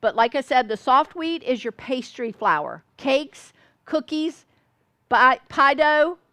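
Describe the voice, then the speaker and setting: A woman from Georgia in the US South teaches a baking class in a store classroom, folksy and often checking that listeners are following. Her voice is high-pitched, expressive, slow, and fairly bright, with no room sound.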